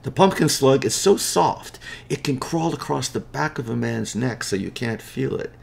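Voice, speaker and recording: A man's voice: medium pitch, lively intonation, moderate pace, vocal fry, slight background noise, pitched above the performer's own voice. A man voicing a sly, scheming male slug seller who talks in an oily, wheedling, folksy way in a spoken storybook.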